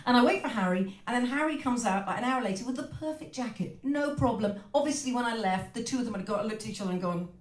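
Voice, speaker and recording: A woman singer-songwriter telling a lively, profane, self-mocking story between songs. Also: on the high side, fast talker, hardly any pauses, echoey room.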